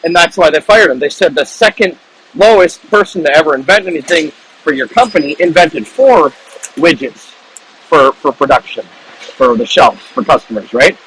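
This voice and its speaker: A man, an author, casually retelling the plot of his own book in animated, rambling storytelling full of restarts. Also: on the high side, moderate pace, husky, rough recording.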